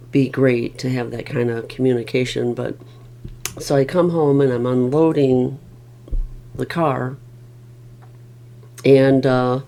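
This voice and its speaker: Middle-aged caregiver, gravelly, dark voice, weary rambling vlog talk. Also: mid-range voice. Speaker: family caregiver.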